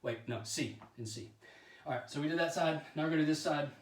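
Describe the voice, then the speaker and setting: Man, out of breath, casual self-deprecating yoga demo, throat clearing, roomy echo, distant mic. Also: on the high side, fast. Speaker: yoga practitioner demonstrating poses. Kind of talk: casual home yoga demonstration. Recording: echoey room, voice from a distance.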